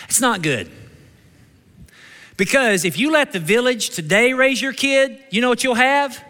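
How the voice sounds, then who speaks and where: A man with a Kentucky twang preaches with high-pitched, bright energy. He cracks jokes and keeps calling for amens. His voice rings out with a long church-hall reverb. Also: unhurried. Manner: energetic, joking, calls out for amens. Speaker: pastor. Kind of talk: sermon.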